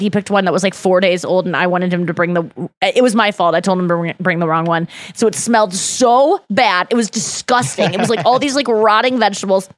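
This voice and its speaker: Woman host, young adult, casual rambling storyteller, self-deprecating, medium pitch, dry close mic. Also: no room sound. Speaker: podcast host.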